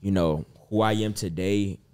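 A man's voice: fairly low pitch, moderate pace, darkish tone, smooth. A man in his twenties, co-hosting a podcast, talking earnestly and reflectively in casual chat. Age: 20s. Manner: earnest, reflective, often asks "you feel me?". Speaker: podcast co-host.

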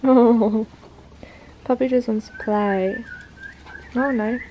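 A woman's voice: on the high side, steady tone, slow, muffled recording, a little hiss or hum. A young woman vlogging at home, cooing baby talk to a new puppy. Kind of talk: casual home vlog.

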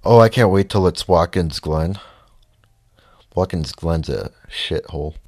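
A man giving casual gameplay commentary, reacting loudly to the race and muttering frustrated asides. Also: low-pitched, unhurried, no echo. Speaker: let's play gamer.

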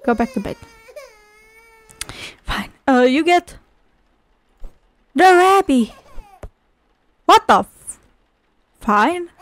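A woman's voice: high voice, animated, extremely slow, pauses often. A young woman giving casual, profane and sarcastic commentary as she plays a game, with frequent exclamations. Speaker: gaming video host. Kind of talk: casual let's-play commentary.

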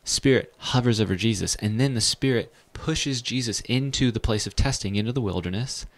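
A man, a pastor, teaching the Bible in a casual, animated way with bits of slang. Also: medium pitch, a little fast.

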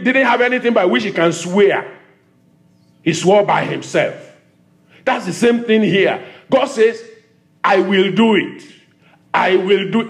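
A man with a Nigerian accent, a pastor preaching a sermon at a church service, repeating phrases and calling for amens. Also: high voice. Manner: preaching with call-and-response, repeating phrases for emphasis.

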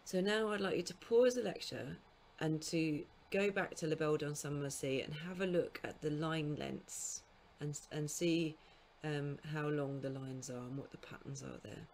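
A woman giving a recorded literature lecture to school students, explaining in a measured way and now and then correcting herself mid-phrase. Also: low-pitched, a little mellow, a little hiss or hum. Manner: speaks scansion aloud in sing-song beats. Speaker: university lecturer.

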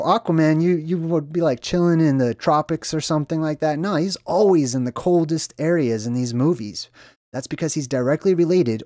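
A man hosting a video, explaining symbolism in a relaxed monologue. He talks straight to viewers, with frequent fillers and tag questions. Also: on the high side, dry recording, clean studio sound. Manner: conversational, frequent "right?" and "um" fillers. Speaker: video host. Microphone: own mic after a sound check.

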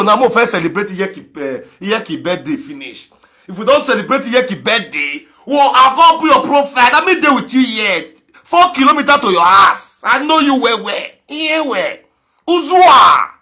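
A man with a Nigerian Pidgin accent ranting on a live video, mocking, laughing and breaking into shouts. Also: high voice, sing-song, normal speed. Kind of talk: animated rant in pidgin.

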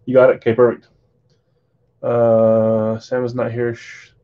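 A man's voice: medium pitch, monotone, a little slow. Guy hosting a card break stream, chatty, calling bids, kinda dull lo-fi audio. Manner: casual, chatty, runs bids aloud. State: yawning, tired. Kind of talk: live-stream auction chat.

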